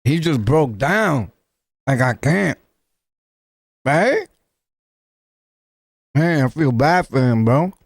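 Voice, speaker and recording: Gravelly slow-talking New York man. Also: on the high side, very animated, dry recording, studio quality. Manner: joking, laughs often, streetwise slang. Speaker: podcast host reacting to a video. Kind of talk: casual reaction commentary.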